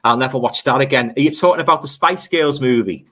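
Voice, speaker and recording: Bright-voiced older Scouse man, chatty. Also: mid-range voice, fast. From Liverpool. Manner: chatty, repeats phrases and fillers. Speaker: livestream host. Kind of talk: casual chat reading viewer comments.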